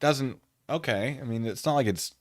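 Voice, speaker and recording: A man's voice: medium pitch, normal speed, no room sound, studio quality. A man hosting a casual livestream, reacting with sarcastic commentary and frequent laughter. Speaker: streamer.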